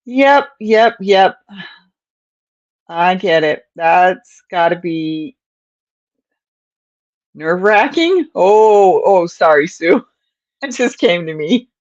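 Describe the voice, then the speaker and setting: A woman's voice: fairly low pitch, expressive, slow, long pauses, a little mellow, no echo, lo-fi sound. An older woman hosting a crochet livestream, chatting in a rambling, casual way to viewers and often chuckling. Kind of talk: casual chat while crocheting.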